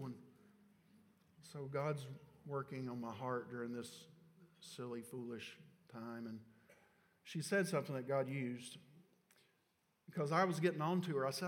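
A middle-aged man, a pastor telling a personal story in a sermon, moving between hushed confession and loud exhortation. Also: mid-range voice, normal speed, pauses often. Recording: long church reverb.

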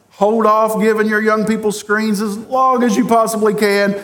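A man preaching a sermon as pastor, speaking earnestly and directly to his congregation in a church sanctuary. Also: sits high.

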